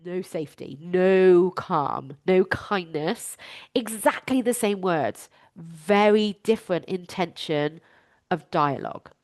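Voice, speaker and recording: A woman's voice: lowish voice, slow pace, a little mellow, no room sound, clean studio sound. A woman, a life coach hosting her own podcast, talking candidly and emphatically, swearing freely.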